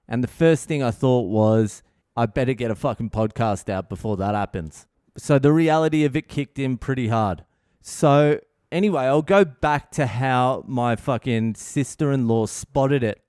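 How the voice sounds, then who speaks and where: Profane man, smooth dry voice. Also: mid-range voice, normal speed, a little mellow, no room sound. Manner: profane, laid-back storytelling. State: sore chest, short of breath. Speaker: comedian podcast host. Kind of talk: casual storytelling monologue. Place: hospital.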